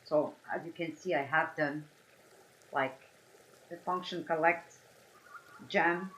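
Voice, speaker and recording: Low-voiced French woman streaming. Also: steady tone, slow pace, fairly bright tone, slight background noise, low-quality recording. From France. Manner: apologetic, chatty, talks through each step. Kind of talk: casual live-stream commentary.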